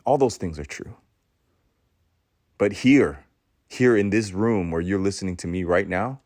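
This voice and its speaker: A man who is a podcast host, delivering a preachy motivational monologue in a sermon-like cadence, with dramatic pauses, repeated phrases and stammering restarts. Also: deep voice, a little mellow, dry recording, studio quality.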